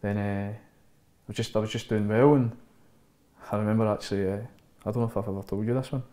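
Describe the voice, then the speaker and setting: A man in his thirties with a Scottish accent, a former footballer telling lively anecdotes in a casual interview. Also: fairly low pitch, quick pace. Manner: animated anecdotes, acts out quotes. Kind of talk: casual storytelling chat. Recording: roomy echo.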